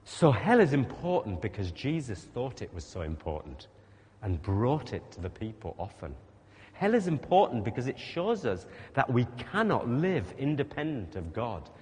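A man preaches with an animated, swooping voice, leaning hard on his points and asking the congregation questions. His words ring out with the long reverb of a large hall. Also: mid-range voice, normal speed. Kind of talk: sermon.

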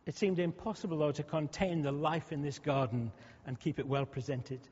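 A man's voice: on the high side, steady tone, moderate pace, a little mellow, slightly rough. A male pastor preaching a sermon in a conversational way, often restarting and repeating words. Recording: muffled sound with long hall reverb.

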